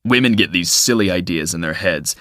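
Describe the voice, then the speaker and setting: A man voicing a brusque, jealous wealthy man in an audiobook, curt and forceful. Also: deep voice, brisk, no echo, studio quality. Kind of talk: audiobook character voice.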